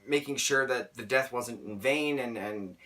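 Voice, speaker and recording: A young man reviewing a book in a casual vlog, rambling and excitable, often stammering and restarting. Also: mid-range voice, measured pace, distant mic.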